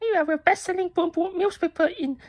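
A woman voicing a pushy female crow tengu newspaper seller in a comedic phone call skit, speaking hurried, broken English with eager repetitions. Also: very high-pitched, a little mellow. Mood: hawking. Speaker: phone salesperson.

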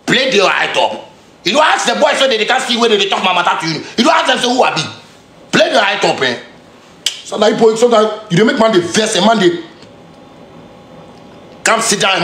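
A man's voice: sits high, very animated, normal speed, long pauses, a bit bright, roomy sound. Heated Ghanaian man ranting in Pidgin. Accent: Ghanaian Pidgin English. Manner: confrontational, heated, streetwise slang, repeats phrases. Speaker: musician. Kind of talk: angry direct-to-camera rant.

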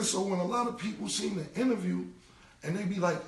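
A blunt, slangy man of forty with a gravelly, fairly high voice, answering in a casual interview. He repeats his points plainly. He sits well back from the mic in a roomy, echoing space. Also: fairly quick, recorded from a distance, a little hiss or hum. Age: 40s. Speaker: interview guest.

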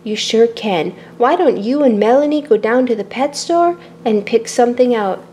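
A woman voicing a calm, kindly father bunny in a toy play-acting video, gentle and measured. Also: a little high, slight background noise, natural voice.

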